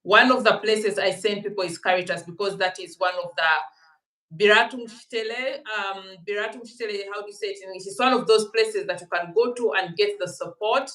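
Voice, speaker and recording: A woman's voice: medium pitch, steady tone, brisk, fairly bright tone. Woman host chatting, explains stuff in detail, tosses in german words, sounds kinda far off in an echoey room. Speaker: podcast host. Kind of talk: conversational interview.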